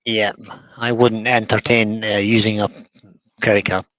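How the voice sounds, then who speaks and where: A man's voice: fairly low pitch, little pitch movement, measured pace, fairly bright tone, no echo. A man co-hosting a livestream, reading viewers' comments aloud in a chatty, enthusiastic way. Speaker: livestream co-host reading the chat. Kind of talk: casual livestream chat.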